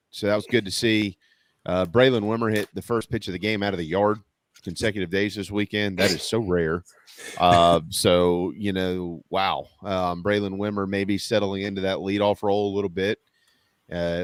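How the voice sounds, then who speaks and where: A man, co-hosting a casual sports talk show with animated, incredulous rants. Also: low-pitched, clear, resonant tone, no room sound, studio quality.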